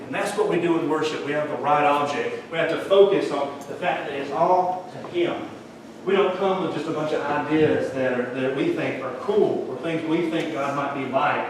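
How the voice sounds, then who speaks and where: A man's voice: fairly high pitch, moderate pace, slight background noise. A man, a pastor giving a folksy, conversational sermon in a church. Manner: folksy, conversational preaching with Southern phrasing. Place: church sanctuary. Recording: echoey church hall, mic at a distance.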